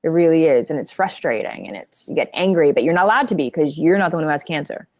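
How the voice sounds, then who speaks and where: A woman's voice: low voice, expressive, fast talker, a little mellow, dry recording. A woman, a breast cancer survivor, speaking candidly and bluntly, with jokes, in a casual panel talk. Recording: dull, dry sound.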